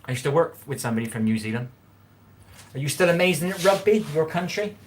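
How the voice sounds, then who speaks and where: A man's voice: a little high, lively intonation, quick pace, a little hiss or hum. Rambling man chatting on a livestream. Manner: rambling, chatty, repeats himself, talks straight to viewers. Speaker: livestream host reading chat. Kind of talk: casual live-stream chat while cooking.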